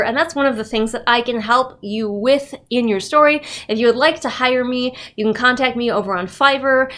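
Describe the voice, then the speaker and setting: Woman, higher voice, casual tutorial, chatty, asks rhetorical questions. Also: a bit bright. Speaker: writing tips channel host and developmental editor. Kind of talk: casual tutorial talk to camera.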